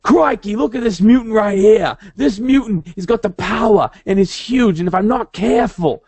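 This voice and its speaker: A man's voice: high-pitched, normal speed, creaky, a little mellow, voice pushed up. A man doing a broad comic Aussie hero voice. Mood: mocking. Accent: put-on Australian. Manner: exaggerated, comic. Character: man's impression of a cartoon hero with a broad Australian accent.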